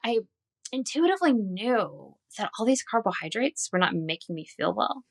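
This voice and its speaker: In an interview, a woman in her forties who works as a dietitian shares her own story earnestly and candidly, bringing in quoted dialogue. She speaks at normal speed in a medium-pitched, sing-song voice with some creak.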